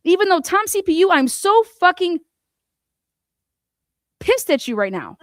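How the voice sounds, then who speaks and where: A high-voiced woman delivers a heated commentary rant. She swears freely and hammers the people she means with rhetorical questions. Her voice sounds dry and close, with little room sound. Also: sing-song, a little slow, long pauses, dry recording. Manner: angry, profane, confrontational. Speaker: commentary host. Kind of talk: ranting commentary on a court case.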